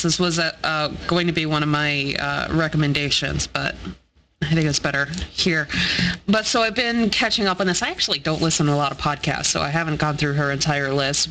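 A man's voice: on the high side, sharp tone, a little hiss or hum, rough recording. A man co-hosting a podcast, chatting casually and enthusiastically, swearing now and then. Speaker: podcast co-host. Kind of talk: casual chat.

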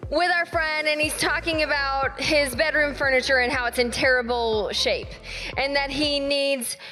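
A woman pastor, preaching a sermon and telling a story with playful, animated acted dialogue. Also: sits high, moderate pace, in a large hall, over music.

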